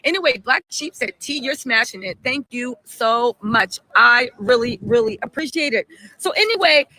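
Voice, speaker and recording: A woman's voice: a little high, lively intonation, moderate pace, bright, forceful tone, rough recording. A woman hosting a casual live stream, chatting animatedly, reading out viewer messages and firing off emphatic rhetorical questions.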